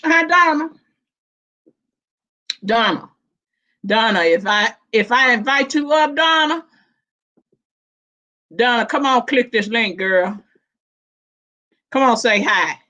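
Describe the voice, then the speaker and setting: With a fairly high voice and lively intonation, a woman slowly chats on her livestream, drawing her words out in a warm, emotional way. She affectionately calls her viewers "baby" and "child," and the audio is dull and lo-fi.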